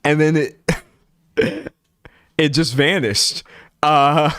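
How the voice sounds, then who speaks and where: A man's voice: a little high, extremely slow, a bit bright, no echo, clean studio sound. A man hosting a livestream in a casual rant, laughing often and rambling with restarts, talking into a streaming microphone at a home setup. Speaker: livestream host.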